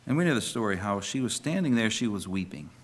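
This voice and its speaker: A man's voice: lowish voice, animated, fast. A male pastor preaching a sermon emphatically and putting questions to the congregation.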